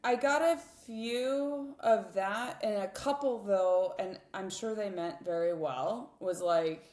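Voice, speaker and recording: A woman in her thirties, a cyclist guest on a podcast, telling emotional stories in a candid, animated way with many fillers and restarts. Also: medium pitch, takes it slowly. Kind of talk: emotional storytelling in a podcast interview. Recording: roomy reverberant sound.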